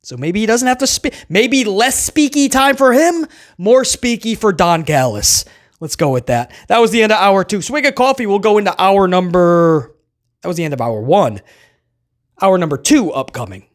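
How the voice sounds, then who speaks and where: A man's voice: high voice, animated, normal speed. A man hosting a wrestling recap show, talking loosely and chattily to viewers and often tossing in "man". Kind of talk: casual solo recap commentary.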